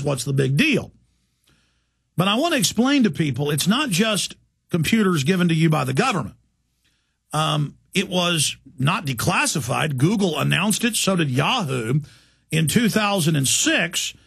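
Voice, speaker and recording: Gravelly, urgent man ranting on radio. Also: on the high side, fairly bright tone. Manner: urgent, emphatic, with frequent restarts. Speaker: radio talk show host. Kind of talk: impassioned radio monologue.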